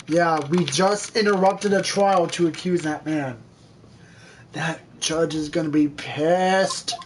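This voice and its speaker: A woman's voice: deep voice, takes it slowly, a little hiss or hum. A woman making casual game commentary with dry, amused asides. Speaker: let's play narrator.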